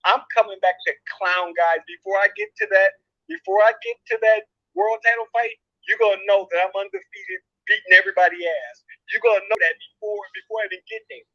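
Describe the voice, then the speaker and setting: A man's voice: high-pitched, steady tone, a little fast, no echo. A man in his fifties giving an emotional, boastful interview as a guest over a call. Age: 50s. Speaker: guest, returning boxer. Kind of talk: casual interview talk. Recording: dull lo-fi call audio.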